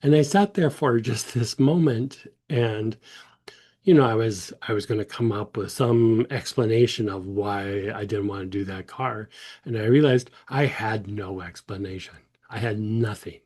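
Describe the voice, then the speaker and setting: A man casually telling a personal story, rambling with many restarts and animated retold dialogue. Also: lowish voice, measured pace, slightly rough. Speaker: host.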